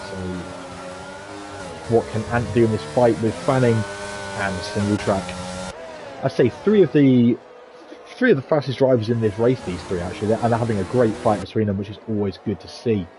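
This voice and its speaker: A man doing lively play-by-play commentary for a sim racing league, chatty and quick to pull his co-host in. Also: fairly low pitch, over music. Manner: chatty, excitable, asks co-host questions. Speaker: lead race commentator. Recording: noisy game car engine sound behind. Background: racing game engine noise.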